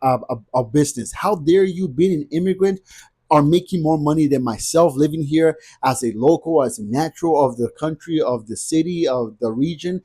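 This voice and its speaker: An envious local spits out his indignation, as a husky-voiced man mocks him. The tone is sneering and resentful, delivered with a mellow, slightly high voice. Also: normal speed. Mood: indignant.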